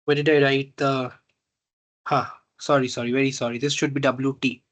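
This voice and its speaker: A man teaching a reinforcement learning tutorial, slow and halting, often pausing to check that students follow. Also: medium pitch, flat delivery, fairly bright tone. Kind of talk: online math tutorial.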